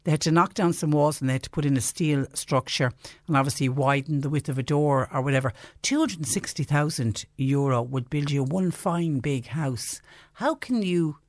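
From a radio studio, an Irish man hosting a phone-in show talks in an indignant, conversational monologue, firing off one rhetorical question after another. His voice is fairly high, and the sound is clean, studio-quality, and free of echo.

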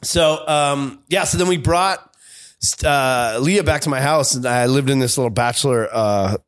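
A man's voice: mid-range voice, moderate pace, clean tone. A man in his late thirties telling a long anecdote in casual chat, rambling and self-interrupting, often laughing through his punchlines. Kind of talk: casual storytelling.

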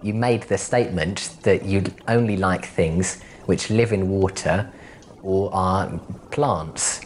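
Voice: low-pitched, slow, a little hiss or hum. A podcast co-host in casual comedic banter, teasing and argumentative.

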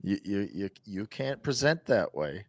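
Male podcast co-host, emphatic, lively pitch, dry close sound. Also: a little slow, no echo. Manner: emphatic, repeats for stress. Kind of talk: casual sports podcast chat.

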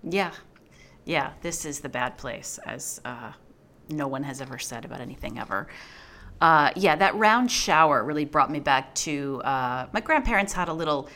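A woman's voice: low-pitched, animated, moderate pace, a bit bright. A woman co-hosting a casual movie podcast, blunt and profane, rambling through stories. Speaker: podcast co-host.

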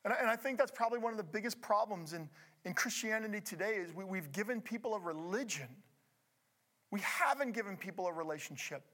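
A middle-aged male pastor preaching a sermon, moving between loud emphatic passages and hushed, intimate asides. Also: high voice, lively intonation, quick pace.

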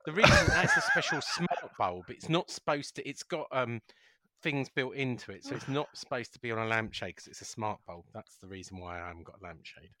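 A man's voice: mid-range voice, wildly swooping pitch, brisk, bright, forceful tone, dry recording. Man, podcast co-host, casual banter, playfully indignant, very dry sound.

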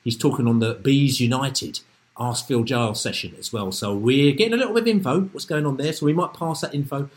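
A man hosting a casual football podcast over a remote call, excitable and rambling, often repeating himself. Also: mid-range voice, fairly quick. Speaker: podcast host.

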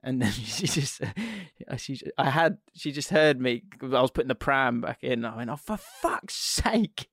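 A young man co-hosting a casual football podcast, animated and exasperated, laughing often as he talks. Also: mid-range voice, moderate pace, vocal fry, few pauses, dry recording, studio quality. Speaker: podcast co-host.

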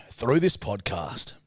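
Rowdy guy, wildly swinging pitch. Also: big pitch swings, very slow, husky, no echo, studio quality. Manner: rowdy, laughing banter with swearing. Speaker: podcast co-host. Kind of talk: casual chat.

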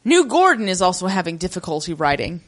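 Wry, animated woman podcast co-host. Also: lowish voice, fast. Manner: wry, joking, lively asides. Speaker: podcast co-host recapping a TV episode. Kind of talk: casual chat.

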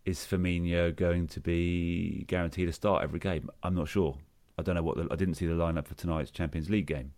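A man hosting a football podcast, brisk and joking as he steers the chat. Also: low voice, steady tone, a little mellow, dry recording. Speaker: podcast host. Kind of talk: casual chat.

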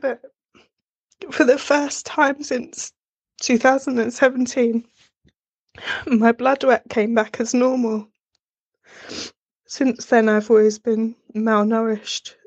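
Woman listener, earnest and emotional, slow delivery, husky voice. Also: a little high, flat delivery, a little mellow, dry recording. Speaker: listener sending a message. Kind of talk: heartfelt voice message.

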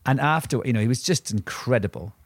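A man's voice: mid-range voice, animated, brisk, dry recording. Rambling man telling anecdotes, dry mic. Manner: rambling, self-interrupting anecdotes with many restarts. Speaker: podcast co-host. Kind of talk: casual storytelling chat.

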